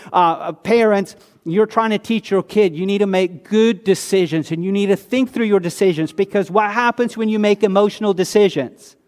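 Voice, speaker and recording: A man preaching a sermon in a conversational way, asking rhetorical questions and dropping his voice low on key words. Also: in a large hall. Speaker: pastor.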